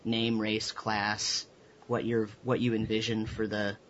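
Man, dungeon master, casual tabletop talk, relaxed rule explaining, faint background noise. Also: fairly low pitch, takes it slowly, dull audio. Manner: relaxed, explaining rules with fillers.

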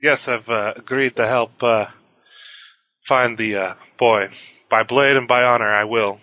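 A man's voice: mid-range voice, steady tone, measured pace, dry recording, muffled recording, natural voice. A man voicing a tall, honorable armoured warrior in a tabletop game, formal in speech but hesitant. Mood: solemn.

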